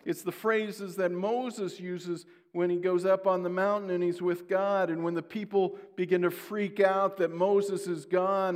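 A male pastor preaching a sermon, telling stories in an animated way and dropping in sarcastic asides. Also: sits high, unhurried, few pauses, smooth. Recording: long hall reverb.

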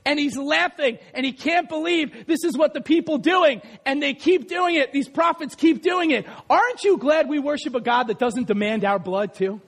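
A man preaching a lively sermon, reading scripture aloud, joking with the congregation and shouting for emphasis. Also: extremely high pitch, moderate pace, few pauses, big-room sound. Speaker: pastor. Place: church sanctuary.

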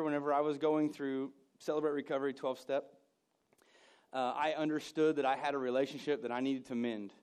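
A man preaching a conversational sermon, self-mocking, with loud emphatic bursts and hushed asides. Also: mid-range voice, clear, resonant tone.

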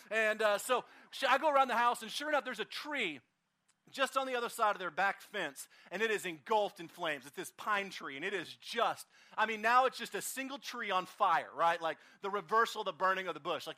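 A pastor preaching a conversational sermon, telling a story in a casual, animated way with frequent fillers. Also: male voice, sits high. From Oklahoma, United States.

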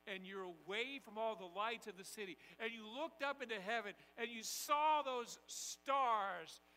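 A man preaching a sermon, calling on the congregation to respond and swinging from loud declarations to hushed asides. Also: high voice, unhurried, in a large hall, poor audio. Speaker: pastor.

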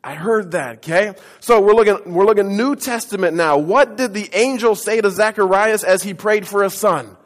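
A man preaching a sermon to his congregation, leading call-and-response and swinging between loud declarations and hushed lines. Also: high-pitched, normal speed, hardly any pauses. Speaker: pastor. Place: church sanctuary. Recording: echoey church hall.

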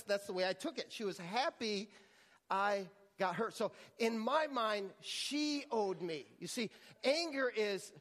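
A man's voice: high voice, a bit bright, in a large hall. A man preaching a sermon as pastor, telling a story with frequent restarts and repeated words.

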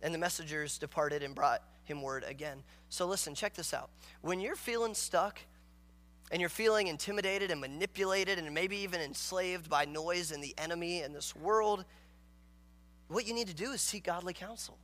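Preaching a morning sermon, this pastor reads scripture aloud and acts out the characters' dialogue, earnest and emphatic throughout. His voice sits high, a bit bright, at a moderate pace.

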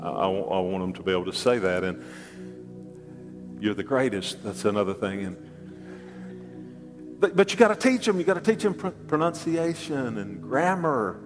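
Animated older preacher in a big hall. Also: male voice, on the low side, moderate pace, music in the background. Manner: animated, jokey, repeats words, swoops up for asides. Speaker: pastor. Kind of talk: sermon.

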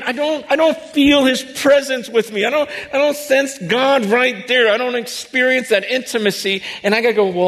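A man preaching a sermon, telling stories with animation, swinging from hushed asides to near shouts. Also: high-pitched. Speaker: pastor. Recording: long hall reverb.

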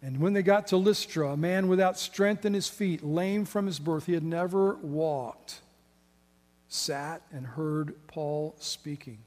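A middle-aged male pastor with a high voice preaches in a sermon that feels more like a conversation, full of rhetorical questions and folksy asides. His words ring out with a long reverb, as if from a big church sanctuary. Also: a little slow, darkish tone. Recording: long reverb of a large hall.

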